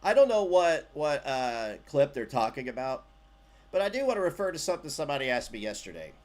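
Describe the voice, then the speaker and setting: Male streamer, sarcastic rambler, very lively pitch, casual and crude. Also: brisk. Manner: rambling and sarcastic, swinging loud and soft. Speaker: streamer commentating on an old clip. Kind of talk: casual profane livestream commentary.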